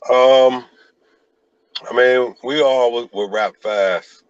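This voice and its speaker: A man telling stories in a relaxed interview, with lots of "like" fillers. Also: mid-range voice, takes it slowly, smooth, no echo, lo-fi sound. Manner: laid-back storytelling with many "like" fillers. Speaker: rapper and producer guest. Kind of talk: casual interview talk.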